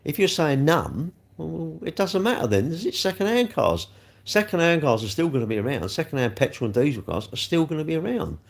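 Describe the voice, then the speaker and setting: A man's voice: a little high, very animated, fairly quick, creaky. Exasperated man ranting on a livestream. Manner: exasperated, rambling, rhetorical questions. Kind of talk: casual livestream rant.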